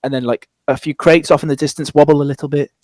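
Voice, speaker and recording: A man narrating as dungeon master in a casual, halting way, full of fillers and repeats. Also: on the high side, steady tone, a little mellow, no room sound. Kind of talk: narrating a tabletop game.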